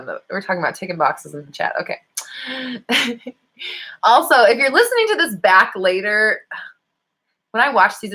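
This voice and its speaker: Hosting a relaxed live stream about manifesting, a young woman reads out viewer comments, teasingly scolds and coaches them, and laughs often. Her voice sits on the low side and has a sharp tone.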